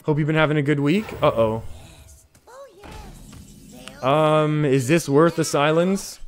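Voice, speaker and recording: A man streaming a card game, chatting casually with his viewers and reacting with excitement to each play. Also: fairly high pitch, unhurried. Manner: chatty, reads chat aloud, excitable. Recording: faint music behind.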